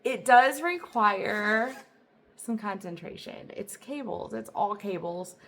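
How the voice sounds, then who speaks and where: A woman's voice: mid-range voice, slow, fairly bright tone. A woman hosting a knitting video podcast, talking casually and eagerly to camera from home, with a lilt and plenty of "um" and "like". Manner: chatty and enthusiastic, lots of "um" and "like". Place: home, indoors.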